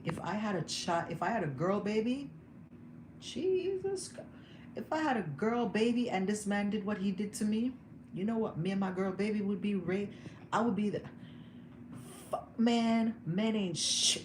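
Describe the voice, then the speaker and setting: A woman's voice: medium pitch, darkish tone. A young woman talking candidly and emotionally to her viewers, laughing now and then as she vents. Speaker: vlogger. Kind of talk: casual livestream chat. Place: home room. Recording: echoey room with background noise.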